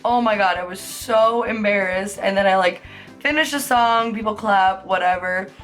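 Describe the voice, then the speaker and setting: Young woman beauty vlogger, mid-pitched, casual and sweary, laughs through her stories, faint music behind. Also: normal speed, fairly bright tone. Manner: chatty, filler-heavy, swears freely; laughs while telling stories. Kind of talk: casual storytelling.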